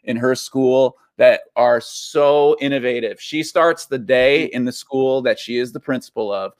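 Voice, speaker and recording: A man's voice: mid-range voice, unhurried, no echo. Enthusiastic interview host, a man with a mid-range voice recorded dry. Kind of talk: interview hosting.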